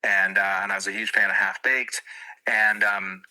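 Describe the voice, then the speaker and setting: A man's voice: lowish voice, flat delivery, normal speed, pushed and bright, rough recording. A middle-aged male comedian from near Boston chatting on a podcast in a wry, self-deprecating way. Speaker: guest comedian. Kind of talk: casual podcast chat.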